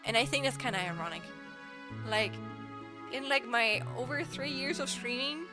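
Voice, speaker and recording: A woman's voice: high-pitched, huge pitch swings, moderate pace, bright, forceful tone, soft background music. A young woman from Germany, chatting casually with viewers on a live stream, giggling often and rambling playfully.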